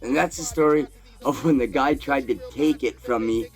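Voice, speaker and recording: A man telling a crude, profane personal story in a casual, animated way, swearing constantly. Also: mid-range voice, moderate pace, soft background music.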